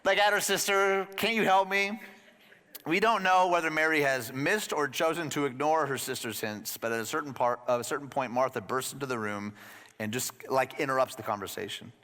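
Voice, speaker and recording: A man preaching a sermon as pastor, conversational and animated, dropping to a soft low voice for emphasis. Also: fairly quick. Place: church hall. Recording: long reverb of a church hall.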